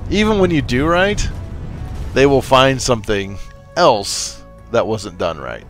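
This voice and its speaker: A man's voice: mid-range voice, expressive, measured pace, fairly bright tone, soft background music. A man casually commenting on his gameplay, rambling into stories with many fillers and restarts, and talking straight to the viewers. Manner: coaching and encouraging, speaks straight to viewers. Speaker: let's play gamer.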